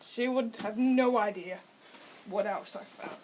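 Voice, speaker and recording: A high-voiced girl in her late teens, a vlogger, chats her way through a casual how-to on training pets, breaking off to correct herself and tossing in giggly little asides. Her tone is darkish and she sits far from the microphone on a low-quality recording, with faint background hiss underneath.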